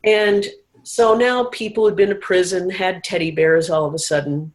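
A woman's voice: on the low side, fairly even intonation, normal speed, poor audio. A woman speaking as an interview guest, telling a personal recovery story in a candid, emotional way.

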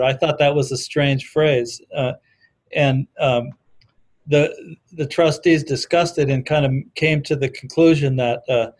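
A man in a casual conversation, thoughtfully quoting literature from memory with frequent restarts. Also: medium pitch. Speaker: discussion guest on recovery history.

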